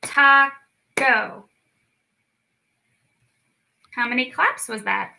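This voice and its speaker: Young woman teaching little kids, kinda high voice, super slow and encouraging. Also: lively intonation, bright, forceful tone, poor audio. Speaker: speech clinic storytime teacher. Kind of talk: children's lesson.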